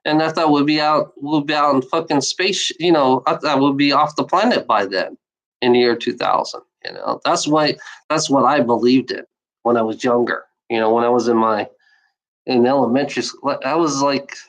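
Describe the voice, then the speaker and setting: A woman's voice: rumbling low, moderate pace, poor audio. A woman talking in a casual, rambling monologue. She repeats herself, swears freely and keeps adding "you know". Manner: profane and exasperated. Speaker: speaker sharing opinions.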